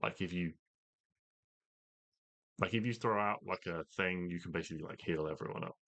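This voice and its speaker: A man running a tabletop game as game master, explaining the rules in a relaxed way with many fillers. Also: low-pitched, normal speed, no room sound.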